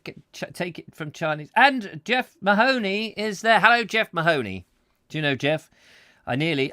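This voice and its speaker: A man's voice: on the high side, fairly bright tone, dry recording, clean studio sound. A middle-aged man hosting a comic live chat show, rambling playfully and mocking himself as he reads viewer comments. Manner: rambling, playful, self-mocking, breaks into silly voices. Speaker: host.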